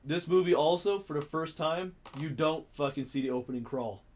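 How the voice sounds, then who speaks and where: A young man co-hosting a podcast, chatting casually about films, excitable and profane, acting out scenes with loud outbursts. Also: fairly high pitch, moderate pace. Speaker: podcast co-host. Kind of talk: casual film chat.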